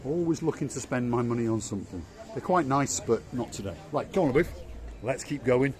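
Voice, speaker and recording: A man's voice: mid-range voice, expressive, brisk, a little mellow. A man with a Yorkshire accent hosting a walking tour vlog along a seaside promenade, chatty and fond of repeating words for emphasis. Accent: Yorkshire English. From England. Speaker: vlog host. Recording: outdoor street noise.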